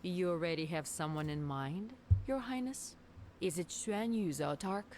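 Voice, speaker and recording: Woman acting a palace guard captain, game dialogue, formal, deferential, lowish voice. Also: unhurried, noisy background, close to an everyday voice. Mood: formal, pleading.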